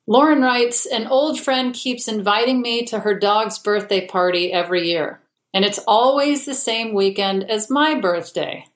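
Deadpan woman hosting over a video call. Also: a little high, measured pace. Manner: deadpan, dry. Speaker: podcast host reading listener questions. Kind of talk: casual comedic chat. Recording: roomy home video-call audio.

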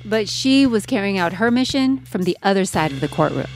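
A woman co-hosting a podcast in a relaxed, chatty and lightly teasing way. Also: medium pitch, brisk, faint music behind. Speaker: podcast co-host. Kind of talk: casual podcast conversation.

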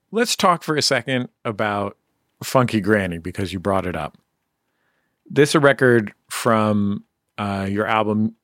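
A male host interviewing a musician, keen and lively, humming out horn phrases as he talks. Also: lowish voice, no echo, studio quality. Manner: enthusiastic, hums out the music. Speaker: radio host. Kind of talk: interview hosting.

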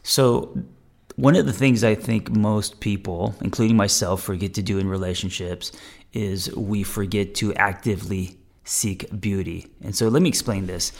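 A man hosting his own podcast as a therapist, talking in a relaxed, rambling, candid way with some self-deprecation, recorded in a home podcast room on a studio mic. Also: fairly low pitch, normal speed, vocal fry. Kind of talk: casual self-help monologue. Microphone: studio microphone with mixer.

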